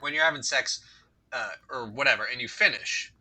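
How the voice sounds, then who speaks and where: A man's voice: medium pitch, brisk, bright, forceful tone, husky, rough recording. A man co-hosting a crude comedy podcast, rambling through stories in a loose, conversational way. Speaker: podcast co-host.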